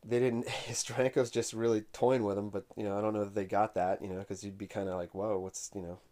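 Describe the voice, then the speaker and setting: A man vlogging about comic collecting, telling a rambling story in an unhurried, conversational way. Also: fairly low pitch, level tone, dark tone. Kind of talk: casual rambling anecdote.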